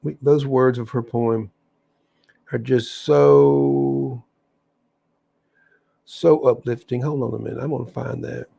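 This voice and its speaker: A man's voice: mid-range voice, lively intonation, slow, vocal fry, pauses often, warm tone. A man hosting a spiritual livestream, chatting casually and enthusiastically to viewers, rambling and often restarting his sentences. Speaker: livestream host.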